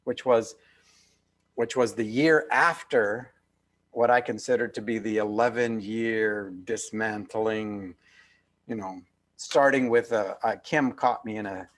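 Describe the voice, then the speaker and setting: Slow and fairly even in intonation, this man's voice sits lowish. He's an author over fifty, a guest in a reflective interview over video call, speaking earnestly and emphatically and repeating phrases for weight.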